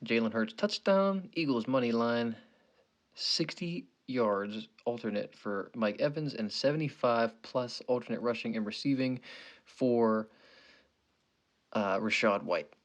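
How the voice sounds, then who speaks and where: A man's voice: mid-range voice, dull audio. A young man hosting a sports betting show, rambling and swearing casually as he gives picks and jokes around, tagging lines with "okay" and "you know".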